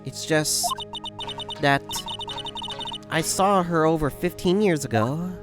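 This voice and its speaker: A woman's voice: deep voice, slow, music in the background. A woman voicing a playful young female spirit medium in a game, read aloud. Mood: somber. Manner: playful, teasing.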